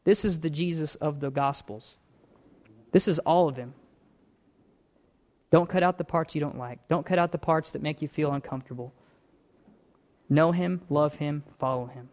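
Earnest, slightly high-voiced male pastor. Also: moderate pace, pauses often, darkish tone. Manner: earnest, repetitive phrasing that builds in intensity. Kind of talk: sermon.

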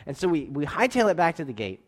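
A man telling a personal story to an audience in an animated way, acting out the dialogue and laughing as he goes. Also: a little high, quick pace. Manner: expressive, swings between quiet asides and loud outbursts.

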